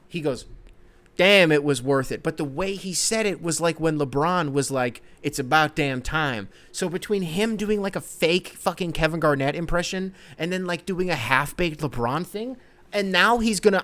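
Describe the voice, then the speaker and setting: Profane, excitable young man ranting. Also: fairly high pitch. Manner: profane, excitable, swings between shouting and mumbling. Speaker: podcast host. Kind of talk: ranting sports commentary.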